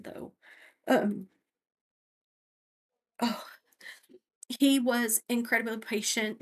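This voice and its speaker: A woman's voice: a little high, fairly bright tone. A woman guest on a faith podcast speaking earnestly and reflectively about her own life in long, image-filled answers. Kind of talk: personal testimony in interview.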